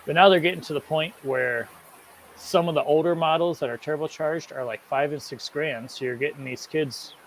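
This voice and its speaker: A man's voice: on the high side, moderate pace, slight background noise, low-quality recording. A man, a car mechanic guest on a podcast, chatting casually with frequent laughs and "like" fillers. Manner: laughs often, trailing "like" fillers.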